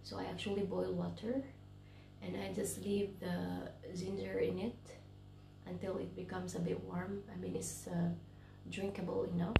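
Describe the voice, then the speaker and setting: A woman's voice: on the low side, level tone, moderate pace, gravelly, echoey room, background noise. A woman vlogging from a bedroom while sick with a cold, speaking tiredly and often dropping to a whisper. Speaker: vlogger, English teacher. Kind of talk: casual vlog chat. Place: bedroom at home, in self-quarantine.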